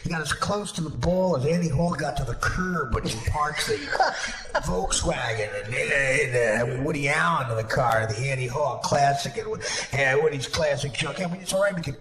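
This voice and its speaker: A man's voice: medium pitch, moderate pace, a crowd in the background. A man riffing crude mock sports commentary, jumping between jokes and mocking voices. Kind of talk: crude improvised comedy commentary. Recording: echoey room with background noise.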